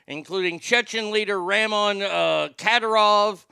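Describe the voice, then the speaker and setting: An excitable man hosting a podcast with a high, bright voice and a gravelly edge. He banters casually, swears freely and trips over names while reading the news. The sound is close and dry. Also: measured pace, no echo. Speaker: podcast host.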